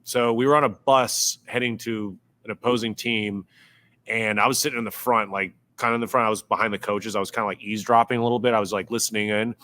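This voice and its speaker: A man's voice: lowish voice, steady tone, fast talker, fairly bright tone. A young man, a former pro ballplayer, telling stories on a podcast with a lot of restarts and repeated words. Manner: rambling, repeats words and restarts, acts out quotes. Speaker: podcast guest, former pro baseball player. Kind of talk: casual storytelling in a podcast interview.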